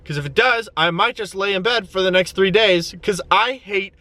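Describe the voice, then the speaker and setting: This twenty-something comedian talks through a self-deprecating vlog from inside a van, now and then letting out an over-the-top wail. His voice sits high with a sharp tone, moving at a moderate pace on a dry recording.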